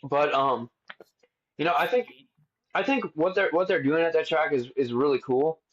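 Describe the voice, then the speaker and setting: Young dude podcasting, fired up storyteller, cusses a lot, kinda muffled audio. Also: male voice, a little high, moderate pace. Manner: animated storytelling, swears freely. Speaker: podcast co-host. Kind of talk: casual chat. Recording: dull lo-fi sound.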